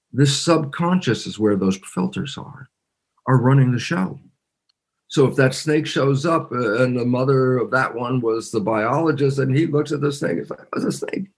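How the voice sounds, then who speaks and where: An older man, a guest in an interview, explaining ideas through lively anecdotes and acting out the voices in them. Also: medium pitch, breathy edge. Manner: acts out voices in anecdotes, exclaims. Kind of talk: animated interview storytelling.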